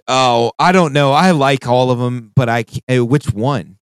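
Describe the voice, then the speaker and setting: A man co-hosting a podcast in casual chat, excitable and profane, laughing often. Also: mid-range voice, unhurried, clean tone, dry recording. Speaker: podcast co-host.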